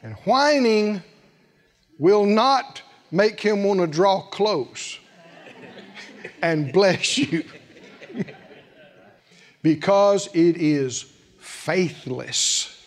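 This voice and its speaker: A male preacher delivering a sermon in an animated way, chuckling often and stretching words for emphasis. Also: high-pitched, drawn-out words, pauses often.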